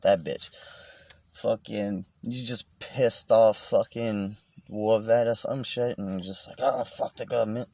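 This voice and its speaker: A man's voice: lowish voice, darkish tone. A man vlogging in a casual, meandering monologue, swearing and joking as he goes.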